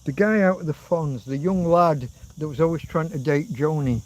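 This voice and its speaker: A man's voice: a little high, normal speed, slight background noise, low-quality recording. A man in his fifties with an English accent, hosting a rambling livestream chat, reading out comments, swearing casually and now and then humming tunes. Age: 50s. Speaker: livestream host.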